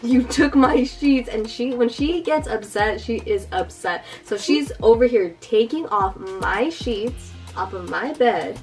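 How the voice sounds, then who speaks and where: A woman's voice: a little high, lively intonation, measured pace, hardly any pauses, far from the mic. A young woman telling a funny family story in a casual chat with her sister, laughing often and acting out quotes. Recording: voice a bit off-mic with background music.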